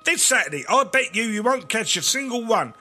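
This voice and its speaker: An actor playing a sly, teasing schemer with in a comedy audio play. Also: male voice, extremely high pitch, animated, brisk, soft background music, exaggerated voice. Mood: mocking. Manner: teasing, mocking, bright and sharp. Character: sly, mocking British wide-boy schemer.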